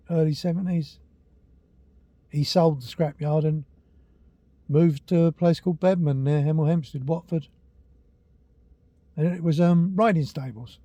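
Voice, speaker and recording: An older man tells rambling family yarns from his home, stopping to fix his own facts. His voice sits a touch high but sounds dark and husky. The sound is close and dry. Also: no echo. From England. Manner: rambling, chatty, self-correcting, laughs at own tales. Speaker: walking vlogger. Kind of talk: casual storytelling to camera. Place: at home, indoors.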